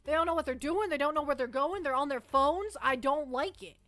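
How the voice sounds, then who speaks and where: A woman's voice: high-pitched, a little fast, fairly bright tone. A young Canadian woman hosting a livestream, rambling casually with her chat and often restarting her sentences. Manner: rambling, chatty, self-interrupting. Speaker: livestream host.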